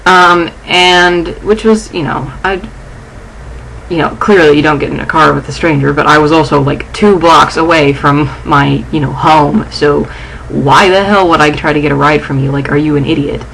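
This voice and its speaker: A young woman vlogging from her dorm room. She is shaken and angry, and her speech is halting and full of restarts. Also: low voice, fairly even intonation, gravelly, a bit bright, slight background noise, poor audio. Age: young adult. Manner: agitated, halting, restarting sentences. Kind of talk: casual vlog.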